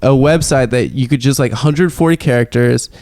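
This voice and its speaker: A man co-hosting a comedy podcast, talking in a halting, casual way, trailing off with fillers. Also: mid-range voice, darkish tone, no room sound, clean studio sound. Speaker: podcast co-host.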